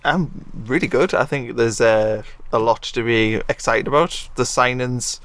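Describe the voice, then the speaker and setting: A man's voice: mid-range voice, unhurried, a bit bright, no echo. Earnest man, dry sound. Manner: earnest, argumentative, stumbles over words. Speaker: podcast co-host. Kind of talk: casual football chat.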